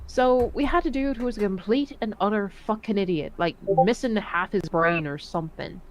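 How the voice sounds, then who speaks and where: A woman who served in the Navy, telling profane, animated stories in a casual voice chat. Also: mid-range voice, moderate pace, slight background noise. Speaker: Navy veteran storyteller.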